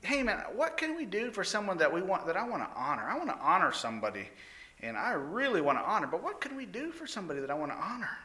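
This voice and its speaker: Excitable ancient king, high and lively, barrages of questions, put on by a man storyteller. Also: exaggerated voice. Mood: eager. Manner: rapid excited questions, raised voice. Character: excitable ancient Persian king, talkative and impulsive.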